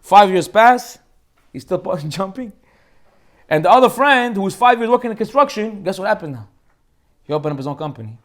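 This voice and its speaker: A man teaching an informal Torah class as a rabbi, animated and joking as he acts out the people in his stories. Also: sits high, brisk, long pauses.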